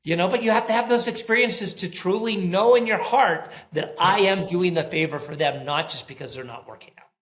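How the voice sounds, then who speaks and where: A man's voice: sits high, a little fast. A man who founded a company, talking in a podcast interview and acting out the voices of people in his stories. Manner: animated storyteller, acts out quoted dialogue. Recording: roomy echo.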